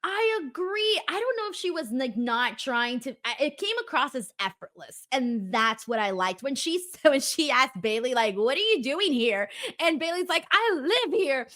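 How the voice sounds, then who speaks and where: A woman's voice: high voice, very animated, moderate pace, hardly any pauses, sharp tone. A woman hosting a casual wrestling review show, reading viewer messages and laughing often. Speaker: host.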